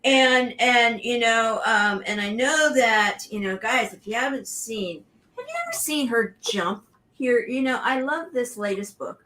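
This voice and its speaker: A woman's voice: a little high, measured pace, pushed and bright. A woman hosting a talk show, speaking enthusiastically and rambling with many restarts. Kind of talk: casual wrap-up talk.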